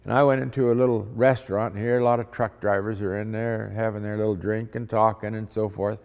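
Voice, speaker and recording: A man's voice: lowish voice, little pitch movement, fairly quick, a little mellow, smooth. A man, a missionary, telling a testimony story in a folksy, dramatic way. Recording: long hall reverb.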